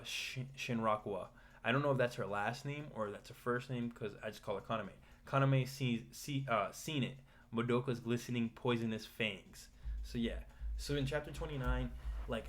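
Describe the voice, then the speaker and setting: A man's voice: on the low side, a little hiss or hum. A man casually recapping manga chapters, rambling with restarts and loose paraphrase. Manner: rambling, restarts, paraphrases characters in a flat retelling. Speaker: manga commentator.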